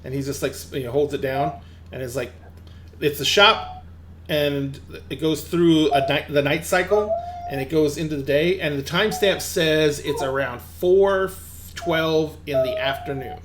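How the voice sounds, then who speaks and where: A man's voice: a little high, a little slow, fairly bright tone, a little hiss or hum. A man narrating a tabletop game as game master, rambling with fillers and restarts.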